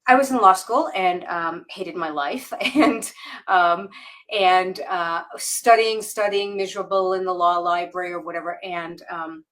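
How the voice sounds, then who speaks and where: Woman, podcast guest, candid personal story, halting speech, frequent fillers and restarts. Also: lowish voice, fairly bright tone. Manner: candid, halting, many fillers and restarts, laughs while telling. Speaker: guest author.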